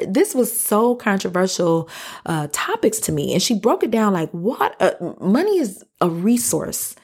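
A woman in her thirties hosting a podcast, telling a personal story in a casual, slangy way and jumping into high-pitched quoted voices. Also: big pitch swings, measured pace, darkish tone, husky. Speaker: podcast host.

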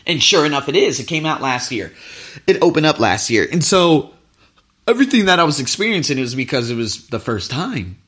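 A man's voice: fairly high pitch, sing-song, brisk, a bit bright. A man hosting a podcast, telling a travel story in a casual, profane, ranting way. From United States. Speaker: podcast host.

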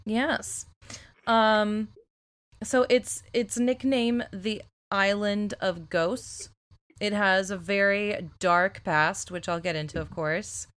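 A woman co-hosting a casual podcast, chatty and loose, swearing freely and filling pauses with ums. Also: mid-range voice, fairly even intonation, fairly bright tone, smooth. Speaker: podcast co-host. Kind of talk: casual chat.

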